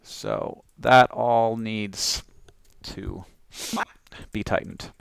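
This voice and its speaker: A man's voice: lowish voice, fairly even intonation, very slow, vocal fry, smooth, no echo. A man casually talking through his own video edit, rambling with lots of fillers and restarts. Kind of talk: casual talk-through while editing.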